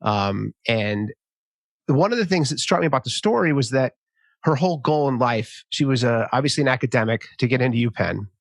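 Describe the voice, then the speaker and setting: A podcast host in his fifties chats casually during an interview, his mid-range voice a little fast and touched with vocal fry. He's animated, acting out quotes in a raised voice, and there's no room sound.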